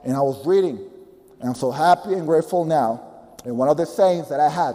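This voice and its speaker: High-voiced Spanish-accented motivational speaker man. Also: fairly quick, in a large hall. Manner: energetic, emphatic, repetitive. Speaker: motivational speaker and business coach. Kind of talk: motivational speech.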